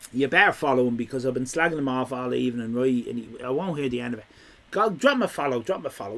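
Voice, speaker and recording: A man's voice: on the high side, a bit bright. A young Irish man hosting a quiz on a live stream. He is chatty and teasing as he reads chat messages aloud.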